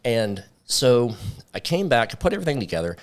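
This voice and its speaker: A man's voice: medium pitch, a little fast. A man, a company founder, telling his story in a casual interview and acting out the dialogue as he goes. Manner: lively storyteller who acts out quoted dialogue.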